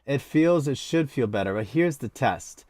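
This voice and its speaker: A man's voice: medium pitch, animated, normal speed, darkish tone, dry recording. Encouraging American man coaching cello. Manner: encouraging, hands-on coaching with counted cues. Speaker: cello teacher. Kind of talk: live online instrument lesson.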